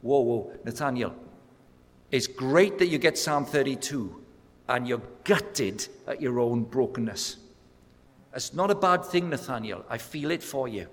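A man preaching a sermon, telling stories with acted-out voices and building to loud, emphatic peaks. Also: mid-range voice, expressive, unhurried. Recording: echoey hall sound.

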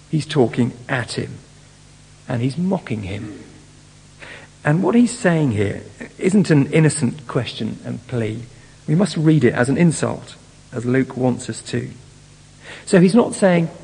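A man preaching with a gravelly, husky voice, explaining a Bible passage and turning to his listeners with rhetorical questions. Now and then he slips into a mocking voice to act out the scoffers he quotes. A long, lingering reverb hangs behind him, as from a large hall. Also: medium pitch, darkish tone. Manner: expository, asks the congregation rhetorical questions. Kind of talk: sermon.

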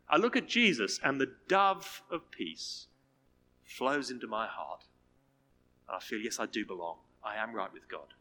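A man preaching a sermon, telling stories with a lively delivery and closing in prayer. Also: medium pitch, long reverb tail. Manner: lively storytelling, drops to soft close.

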